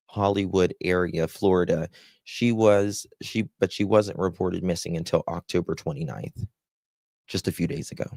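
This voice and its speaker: A livestream host with a very low, gravelly voice takes his time over every word as he greets viewers one by one with heartfelt endearments. The sound is dry and close, with no room sound around it.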